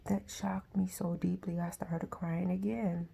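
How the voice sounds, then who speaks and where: Gravelly low-voiced woman, soft and halting. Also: flat delivery. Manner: soft, halting, with frequent pauses and restarts; often drops to a near whisper. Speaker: vlogger. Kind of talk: personal storytelling.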